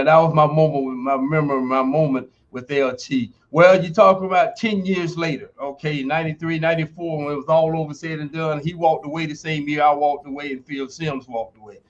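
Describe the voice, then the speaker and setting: The audio is dull, but the man's voice comes through on the high side: a guest in his sixties, formerly a football player and now a university lecturer. He tells interview stories in an emphatic, motivational, folksy way.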